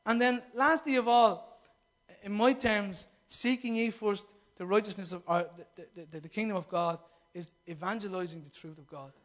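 A man delivering a fervent sermon in a strikingly high voice. He keeps asking the congregation questions and slips into the voices of the people he quotes. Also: a bit bright. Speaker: preacher. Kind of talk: impassioned sermon.

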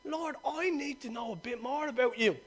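Guy preaching as an old prophet begging god, soft and low, hushed and awed. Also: normal speed, breathy edge. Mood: hushed pleading. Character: awed ancient prophet man pleading with God.

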